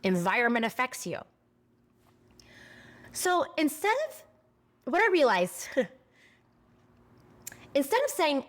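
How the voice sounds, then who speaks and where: A woman's voice: high-pitched, sing-song, slow pace, long pauses. A woman in her forties talking candidly to camera in a spiritual vlog, passionate and blunt, swearing casually and getting emotional at times. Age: 40s. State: emotional, near tears at times. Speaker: spiritual vlogger.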